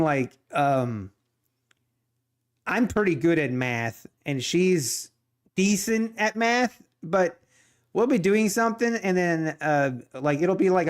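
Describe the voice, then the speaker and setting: A man's voice: on the high side, smooth. A middle-aged man chatting casually on his live trading stream, joking, laughing often and rambling as he answers viewer chat. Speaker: live-streaming day trader.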